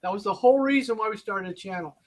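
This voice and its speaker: A man's voice: high voice, quick pace. A man, a guest on a livestream, explaining things step by step in casual chat. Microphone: livestream call.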